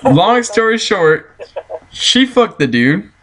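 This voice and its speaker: A man's voice: sits high, very animated, slow pace, fairly bright tone, slight background noise. A man telling a story as a casual, heated, profane rant, breaking into laughter now and then.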